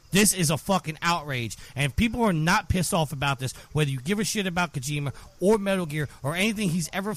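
A man's voice: fairly high pitch, fairly bright tone. A man on a podcast delivering a furious, profane rant with heavy emphasis. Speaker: podcast co-host.

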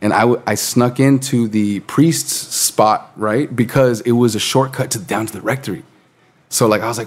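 A man's voice: mid-range voice, fairly even intonation, moderate pace. A man in his late twenties, co-hosting a podcast in a laid-back, casual way, swearing freely and laughing often. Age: late 20s. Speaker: podcast co-host.

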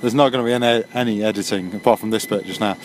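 A man's voice: fairly low pitch, steady tone, very fast, soft background music. A man hosting a podcast, talking casually and musingly, with friendly encouragement. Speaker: podcast host and new stand-up comic. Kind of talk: casual late-night chat. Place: near a train line at night.

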